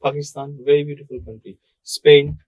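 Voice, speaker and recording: A man's voice: on the high side, normal speed, dry recording, rough recording. A man from Bangladesh, chatting casually on a podcast and repeating words as he talks. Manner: animated, repeats words, does playful accent impressions. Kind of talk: casual chat.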